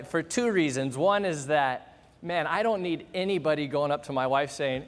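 A middle-aged male pastor delivering a sermon, animated and humorous, acting out scenes as he tells the story. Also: a little high, normal speed, in a large hall, a little hiss or hum.

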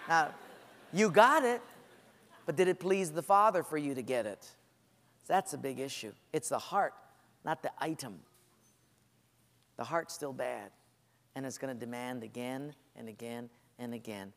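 A man's voice: on the high side, animated, moderate pace, creaky, fairly bright tone, long reverb tail. A man preaching a sermon, telling stories with humor and acting out the voices of people praying and complaining. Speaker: pastor.

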